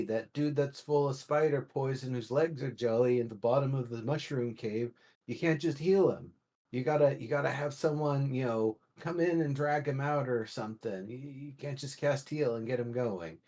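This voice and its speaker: A man co-hosting a casual discussion, ranting with wry, animated complaints. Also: medium pitch. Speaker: podcast co-host.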